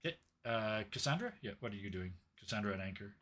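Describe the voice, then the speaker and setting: A man's voice: lowish voice, expressive, fast talker, fairly bright tone. A young adult man narrating a tabletop game as game master, storytelling with added sound effects.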